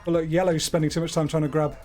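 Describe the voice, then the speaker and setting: A man's voice: fairly high pitch, flat delivery, very fast, a little mellow, faint music behind. A man streaming live, talking through his gameplay in a chatty, playful way with wordy asides. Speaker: gaming streamer.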